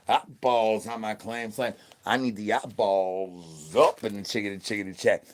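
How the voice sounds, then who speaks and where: A man speaks at normal speed with a fairly low pitch, fairly even intonation, and a natural voice. He performs livestream comedy as a crude, starving zombie talking to his chat, rambling in slang and repeating his begging catchphrases.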